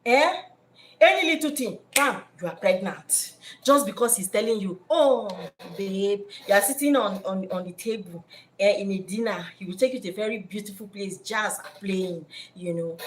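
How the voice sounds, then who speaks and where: A woman with a Nigerian accent giving spiritual life advice in an animated way, acting out scenes in different voices. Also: medium pitch, normal speed, a little hiss or hum.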